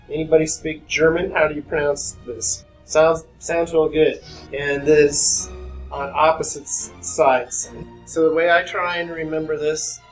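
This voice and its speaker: A man's voice: fairly high pitch, a bit bright, rough recording. Man lecturing chemistry to a class. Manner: conversational, addresses students with questions.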